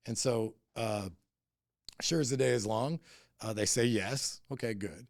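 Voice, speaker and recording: A man's voice: mid-range voice, unhurried, creaky, dry recording, studio quality. A middle-aged man, a company boss on a podcast, telling a story bluntly and heatedly with heavy swearing. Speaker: cannabis company CEO, podcast guest. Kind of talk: casual interview storytelling.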